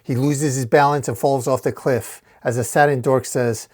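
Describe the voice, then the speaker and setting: A man narrates a fantasy comic aloud in a casual, unpolished way, at a mid pitch. He talks the action through plainly and now and then uses fillers. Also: steady tone, normal speed. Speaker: comic reader.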